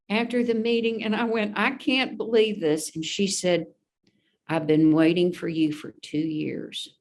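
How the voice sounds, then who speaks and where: Slow, earnest woman telling her story. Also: medium pitch. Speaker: guest sharing recovery story. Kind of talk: personal testimony in a podcast interview.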